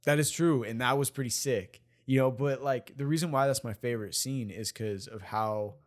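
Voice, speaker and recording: A man's voice: mid-range voice, normal speed. A man co-hosting a movie review podcast, talking enthusiastically with lots of fillers and restarts. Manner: enthusiastic, rambling, many fillers and laughs. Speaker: podcast co-host. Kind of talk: casual movie review chat.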